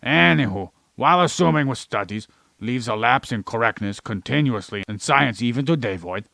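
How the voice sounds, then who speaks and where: A man's voice: medium pitch, expressive, normal speed, creaky, sharp tone, no room sound. A man co-hosting a podcast, ranting and lecturing about science with plenty of swearing while playing an alien character in his ordinary voice. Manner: plays an alien persona in an ordinary voice. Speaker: podcast co-host. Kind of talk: rambling comedic science chat.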